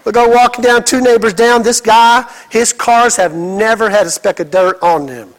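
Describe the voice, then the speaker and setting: A middle-aged man preaching a sermon, telling stories with lively acted quotes. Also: high-pitched, normal speed, hardly any pauses, low-quality recording. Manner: animated storytelling with acted quotes. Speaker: pastor.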